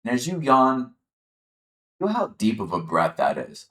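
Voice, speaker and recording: A man leading a chair yoga class, calmly guiding the listener through breathing and gentle movement. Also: mid-range voice, a little slow, echoey room. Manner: calm, encouraging, guiding the breath step by step. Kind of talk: guided exercise instruction.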